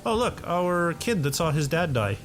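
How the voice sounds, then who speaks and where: A very animated man with a fairly high voice plays a game at home in his condo, talking at a moderate pace with faint music behind him. He's a let's play host whose chatty, casual commentary often drifts into talking to himself and his game characters.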